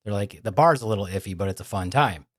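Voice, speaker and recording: A man's voice: on the low side, fast talker. A man hosting a podcast in casual chat, telling stories and acting out the people in them. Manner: lively storyteller who acts out quoted people. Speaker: podcast host.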